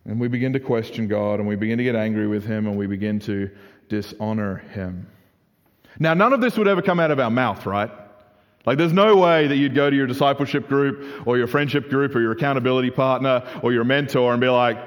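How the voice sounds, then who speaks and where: A young adult man preaching a sermon in a casual, animated way, full of "like" fillers. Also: medium pitch, a little fast. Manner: conversational, animated, frequent "like" fillers. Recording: reverberant hall.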